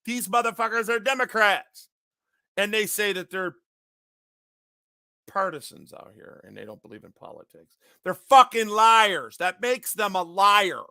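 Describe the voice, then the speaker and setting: Guy ranting, real worked up and cussing, sharp tone, no room echo. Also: high-pitched, expressive, normal speed, vocal fry, long pauses, studio quality. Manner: agitated, profane, repetitive ranting. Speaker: online commentator. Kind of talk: unscripted ranting monologue.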